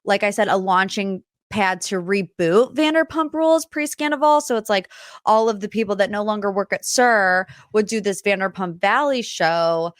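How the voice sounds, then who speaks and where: Animated and speaking at a moderate pace, a young woman with a mid-range voice hosts a pop culture podcast, recorded clean in a studio without echo. Her casual talk wanders through plenty of tangents.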